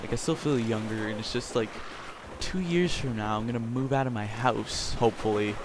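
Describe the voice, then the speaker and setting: A man's voice: medium pitch, moderate pace. Rambling teen boy, gunfire behind. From Canada. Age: teens. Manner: rambling, crude and joking. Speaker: gameplay commentator. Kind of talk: casual gameplay commentary. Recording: game gunfire noise behind voice.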